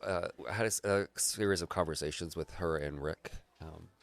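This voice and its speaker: A man's voice: low voice, normal speed, gravelly, no room sound. A man talking as a guest in a casual conversation, reflective and earnest in manner. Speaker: graphic artist and guide, guest.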